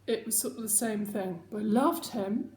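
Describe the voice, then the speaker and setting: A woman's voice: mid-range voice, normal speed, a little mellow. Chatty, rambling woman, roomy sound. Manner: chatty, rambling, self-mocking. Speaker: host. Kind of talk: casual chat. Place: home room. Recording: echoey home room.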